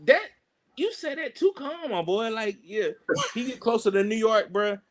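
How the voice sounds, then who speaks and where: A man with a rather high voice tells road-trip stories on a podcast. His pitch swings widely and he slips into imitations of the people he describes. His talk is loose and full of slang and fillers. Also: lively intonation, moderate pace. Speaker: wrestler, podcast guest. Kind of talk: casual storytelling.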